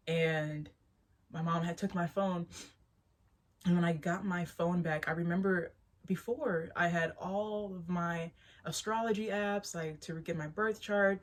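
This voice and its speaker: A young woman, a spiritual vlogger, chats casually to the camera in a rambling, animated way, laughing a lot and starting her sentences over. Her voice sits on the low side.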